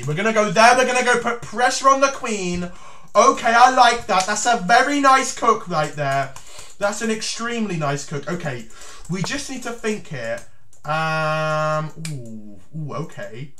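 A man's voice: high voice, sing-song, unhurried, a little hiss or hum. Hyped man narrating his chess game. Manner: theatrical, hyped, breaks into shouts. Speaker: chess YouTuber. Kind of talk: excited commentary on his own chess game.

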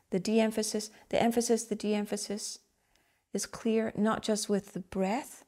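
A woman teaching flute, talking calmly and thoughtfully. Her voice sits at a middle pitch. She explains with gentle, reflective phrasing and vivid images. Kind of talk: instructional explanation.

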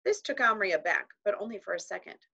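A woman narrates a children's novel aloud in a measured storytelling manner, with voices for its characters. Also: medium pitch, animated, creaky, pushed and bright, breathy edge, poor audio. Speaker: audiobook reader.

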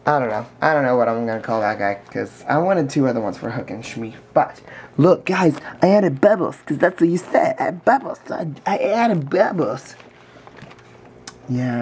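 A man chats into a handheld camera in a casual vlog, rambling and excitable, cracking jokes as he goes. His voice sits at an ordinary middle pitch. A faint hum of background noise runs underneath. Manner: rambling, excitable and jokey, with laughs. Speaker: vlogger. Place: in a car, then indoors at home by a fish tank.

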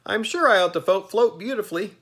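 A cheerful, simple-minded pumpkin-headed man from a storybook, as a man puts him on. The voice jumps up high and bright, eager and pleasant, with lots of lift in it. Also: expressive, brisk.

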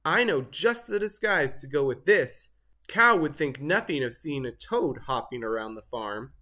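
A storybook reader voicing an excitable male turkey with a high squawky gobbling voice. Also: measured pace. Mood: eager. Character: excitable male turkey who loves secret valentines. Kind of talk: storybook read-aloud.

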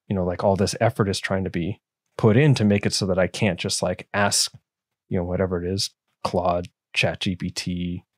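A man's voice: low voice, level tone, normal speed, no echo, clean studio sound. A man hosting a podcast, asking long rambling questions full of fillers. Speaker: podcast host. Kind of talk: conversational interview.

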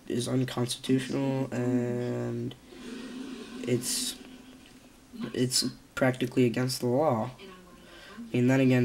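A man's voice: medium pitch, creaky, a little mellow, a little hiss or hum. A young man with a nasal voice, a little sick, giving casual, hesitant spoken commentary on his video channel. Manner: hesitant, many fillers and restarts. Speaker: vlogger.

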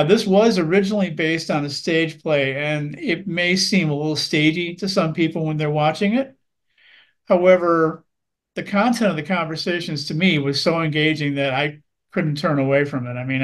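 A male film critic with a slightly high voice gives a measured, earnest review. He often pauses on ums and uhs while weighing his words. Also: steady tone.

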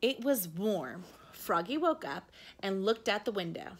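A woman reading a children's picture book aloud in an animated way, with soft whispered asides to young listeners. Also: mid-range voice, unhurried. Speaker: read-aloud storyteller.

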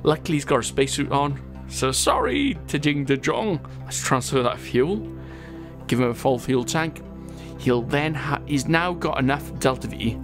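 A man's voice: mid-range voice, normal speed, music in the background. A man giving casual, chatty gameplay commentary, laughing often as he reads viewer comments. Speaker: gaming channel host.

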